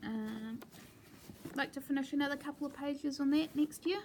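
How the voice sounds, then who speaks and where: A woman chatting casually at home as she shows her cross-stitch projects, talking in a relaxed way with plenty of ums and asides. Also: sits high, moderate pace, noisy background. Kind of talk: casual show-and-tell chat.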